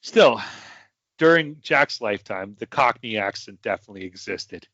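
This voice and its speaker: A man's voice: fairly low pitch, lively intonation, normal speed, pushed and bright, no room sound. A young man, a podcast host, telling history in a rambling casual way with many fillers and asides. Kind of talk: casual storytelling chat. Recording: dry, muffled home podcast mic.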